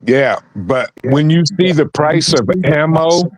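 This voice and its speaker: A man talks slowly and evenly as a co-host on a casual live stream. He mostly gives brief agreeing replies and sometimes adds a point of his own. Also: a little high, expressive, dry recording, low-quality recording. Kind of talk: casual livestream chat.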